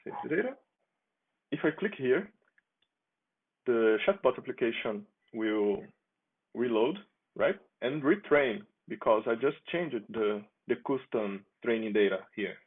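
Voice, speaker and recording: A man giving a relaxed, chatty demo of his own software, restarting phrases and chuckling now and then. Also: mid-range voice, measured pace. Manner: relaxed, chatty, with frequent restarts and small laughs. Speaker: software developer demoing his app. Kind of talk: casual screen-recorded software demo. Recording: tinny phone-like sound.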